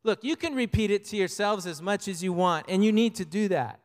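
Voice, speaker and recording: High-voiced older male preacher. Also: fairly quick, big-room sound. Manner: conversational preaching with personal stories. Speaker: pastor. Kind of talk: sermon.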